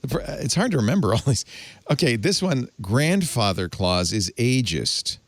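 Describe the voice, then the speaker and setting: A man's voice: mid-range voice, sing-song, moderate pace, no echo. A man hosting a casual panel chat, musing aloud and laughing often. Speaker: host.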